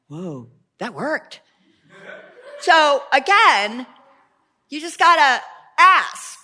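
A woman delivers a sermon, reading scripture aloud and breaking off into chatty asides and personal stories. Her voice sits a little high and comes across very bright and sharp. She talks in a loose, lively way, often restarting her sentences. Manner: conversational, animated storytelling with asides and restarts. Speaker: preacher.

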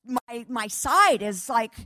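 A woman preacher tells a testimony in an animated storytelling sermon, acting out each exchange and laughing between lines. Her voice sits a little high. The sound is dry and close. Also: takes it slowly, no echo. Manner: animated, laughing, quoting dialogue.

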